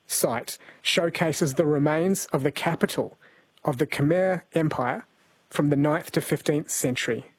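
A man from New Zealand hosts talkback radio in a relaxed, chatty way, laughing easily with his callers. His voice sits a little high for a man and has a husky edge. The sound is dry and close, with no room echo. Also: measured pace. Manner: chatty, laughs easily, reads out listener texts. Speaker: radio host. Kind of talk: casual talkback radio chat.

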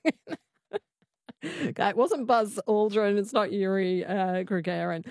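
A woman's voice: mid-range voice, measured pace, darkish tone, no echo, studio quality. A woman hosting a talkback radio quiz, laughing often as she chats with callers. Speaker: radio host.

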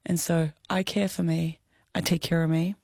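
Australian woman, young adult, gravelly voice, dry close sound, heartfelt interview talk. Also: on the low side, level tone, moderate pace, darkish tone, no room sound. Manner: candid, heartfelt, close to tears. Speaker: guest. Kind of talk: emotional personal interview.

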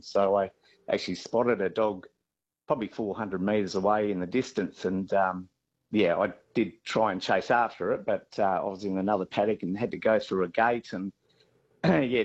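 An Australian farmer speaks in a lowish voice, pausing often and restarting his sentences. The line sounds dull and lo-fi. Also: a little mellow, husky. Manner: halting, with many fillers and restarts. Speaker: farmer interviewee.

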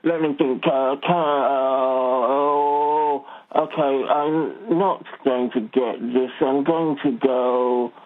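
A man's voice: medium pitch, fairly even intonation, takes it slowly. A man calling in to a radio quiz, hesitant and stammering as he hunts for words. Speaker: caller. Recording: tinny phone line.

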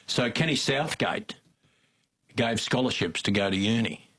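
Older Aussie bloke, slightly low and husky, spins yarns with a chuckle. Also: male voice, animated, a little slow, a bit bright. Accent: Australian. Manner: folksy yarn-spinning, chuckles often. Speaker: interview guest. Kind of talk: casual storytelling.

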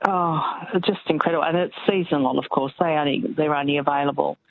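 A woman's voice: deep voice, steady tone, fast talker, gravelly, slight background noise. A woman calling in to a radio show, enthusiastic and lingering on her words. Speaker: caller. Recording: phone line.

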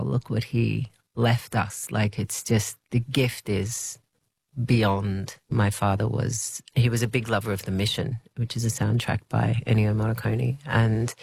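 A woman, an interview guest, telling a personal story in a reflective, halting way, quoting what people said. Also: a bass voice, vocal fry, a little mellow, breathy edge, no echo. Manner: reflective, halting, with restarts and quoted dialogue.

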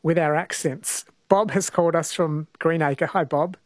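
A man's voice: fairly high pitch, fairly even intonation, normal speed, dry recording, studio quality. A man hosting a talkback radio show, reading listener messages and asking questions in a curious, conversational way. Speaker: radio host.

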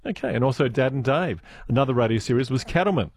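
An Australian man hosting talk radio, chatting easily and reminiscing with a ready laugh. His voice sits at a middling pitch and sounds close and dry on a studio mic. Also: lively intonation, fast, slightly rough, no room sound. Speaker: radio host. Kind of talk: casual radio chat.

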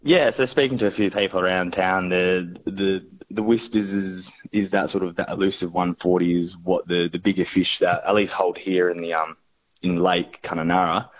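A man's voice: sits low, steady tone, moderate pace. An enthusiastic Australian man reporting on fishing in a casual radio chat, rambling with fillers and restarts, heard over a phone line.

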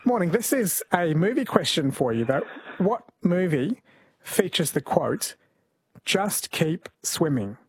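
A man's voice: high-pitched, big pitch swings, unhurried, a little mellow, husky, no room sound. A man hosting a late-night talkback radio quiz, chatting and reading out listener texts. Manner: chatty, amused, reads listener texts aloud. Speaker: radio host.

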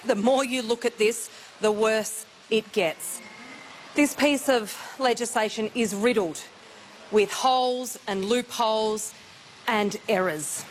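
A woman's voice: a little high, slow pace, slight background noise. A woman, a senator, giving an emphatic, critical statement to the press.

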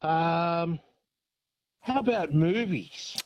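A man's voice: on the high side, expressive, drawn-out words, a little mellow. An Australian man calling in to a radio quiz, easygoing and friendly. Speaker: caller. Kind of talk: phone-in quiz answer. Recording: dull phone line.

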